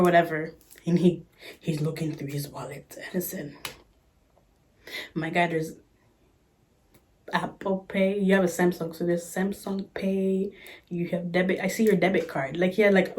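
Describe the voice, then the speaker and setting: A woman's voice: lowish voice, steady tone, normal speed, darkish tone. A woman vlogger telling a story in a casual chat, sassy and exasperated, recorded on a phone camera.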